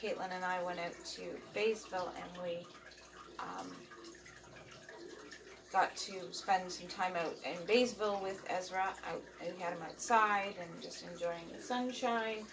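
A woman's voice: fairly low pitch, animated, a little slow, crowd noise. A middle-aged woman hosting a vlog in casual chat, rambling along with lots of ums and uhs. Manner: rambling and chatty, with many fillers. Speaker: vlog host. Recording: distant mic with running water noise.

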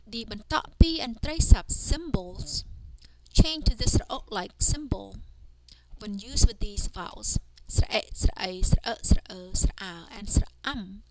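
Slow, careful woman teaching a language. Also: mid-range voice. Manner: careful, deliberate pronunciation of drilled sounds. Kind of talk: slow instructional language lesson. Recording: noticeable background noise.

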